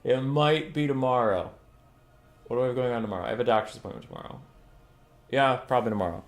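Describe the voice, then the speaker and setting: Young guy casting a strategy game tourney on stream, talks fast and loose, reads chat and riffs. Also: mid-range voice. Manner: chatty, answers chat questions aloud. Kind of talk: casual livestream game commentary.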